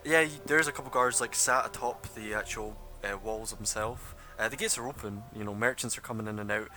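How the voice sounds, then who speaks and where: A man's voice: on the low side, brisk, bright, forceful tone, soft background music. Laughing, rambling male game master. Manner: rambling, laughing, many fillers. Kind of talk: narrating a tabletop game.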